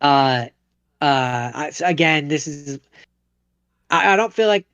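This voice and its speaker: A young man chats as a podcast co-host, stopping and restarting his sentences often. His voice is smooth and a little higher than most men's. It sounds close and dry, with a slightly dull, lo-fi tone. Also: expressive, fairly bright tone, no room sound. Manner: halting, many fillers and restarts. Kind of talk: casual chat.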